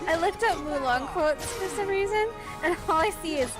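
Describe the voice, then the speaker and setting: A woman's voice: very high voice, expressive, moderate pace, few pauses, loud music behind the voice. A woman hosting a casual gaming livestream, giggly and playfully quoting lines. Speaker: streamer host. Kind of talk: casual gaming stream chat.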